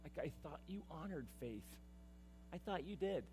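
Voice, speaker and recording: Impassioned male pastor, very lively pitch. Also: normal speed, a little hiss or hum. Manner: impassioned, swings from loud declaiming to hushed confiding. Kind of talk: sermon.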